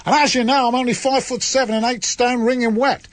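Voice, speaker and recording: A man voicing a tough young Australian farm girl in the army, in a mock Australian accent, with a husky, boastful delivery as he reads her letter home. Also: very high voice, fairly even intonation, quick pace, no room sound, pitched above the performer's own voice.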